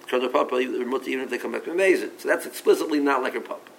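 A man's voice: mid-range voice, very fast, gravelly, a little hiss or hum, poor audio. A man giving a Talmud study lecture, reasoning aloud and mixing English with Aramaic and Hebrew terms, often repeating himself as he restarts sentences. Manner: frequent restarts and repeated words. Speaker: Talmud teacher.

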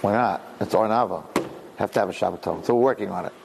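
A middle-aged man, a rabbi, telling stories to an audience in an animated way, repeating phrases and acting out dialogue. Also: fairly low pitch, quick pace, gravelly, background noise. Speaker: rabbi and speaker. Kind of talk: storytelling talk to an audience. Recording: long reverb in a hall.

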